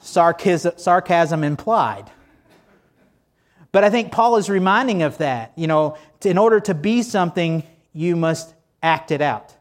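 A man's voice: a little high, expressive, measured pace. A pastor preaching a sermon to his congregation in a church, conversational and joking, asking many rhetorical questions.

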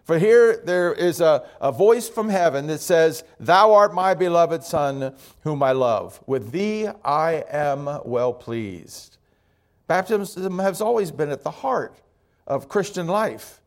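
Conversational male pastor preaching. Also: a little high. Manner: conversational, with joking asides. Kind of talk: sermon.

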